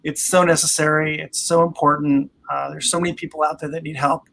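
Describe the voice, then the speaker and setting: A man's voice: a little high, flat delivery, a little fast, gravelly, fairly bright tone. A man hosting a live online tasting over a video call, jovial and joking. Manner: jovial, jokes and laughs at his own stories. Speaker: host.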